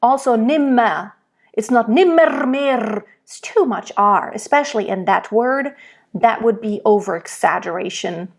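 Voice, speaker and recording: A woman's voice: medium pitch, normal speed. A young adult woman teaching singing diction, explaining pronunciation and demonstrating phrases by singing them.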